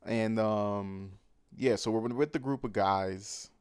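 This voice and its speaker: A man recapping a film in casual, animated, slangy talk, full of fillers. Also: fairly low pitch, slow pace, clear, resonant tone, no echo, studio quality. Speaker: movie recap host.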